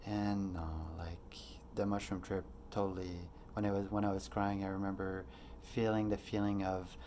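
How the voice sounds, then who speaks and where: A man's voice: low-pitched, level tone, normal speed, warm tone, slight background noise. Earnest rambling man in his late 30s. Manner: earnest and rambling, with frequent fillers and swearing. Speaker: podcast host. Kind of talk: personal storytelling monologue.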